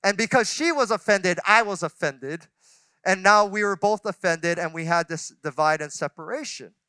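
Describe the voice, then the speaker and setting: Male pastor, forties, candid storyteller with restarts; bright, crisp tone. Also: sits high, moderate pace, no room sound. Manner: conversational, self-deprecating storytelling with many restarts. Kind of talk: sermon. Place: church sanctuary.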